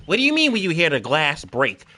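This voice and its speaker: A man with a high, bright voice that jumps all over its range, ranting casually on a game stream. He swears freely and breaks into loud shouted crowd noises while he tells a story, then drops back to lecturing his viewers. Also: a little fast, slight background noise. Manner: profane, animated storytelling with shouted crowd imitations.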